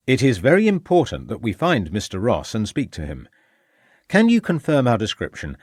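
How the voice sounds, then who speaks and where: A man's voice: medium pitch, wildly swooping pitch, normal speed, darkish tone, slightly rough, no echo, studio quality. A man voicing a formal, insistent police inspector in a crime audiobook. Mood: probing. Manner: formal, precise, insistent questioning. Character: sharp, probing male police inspector.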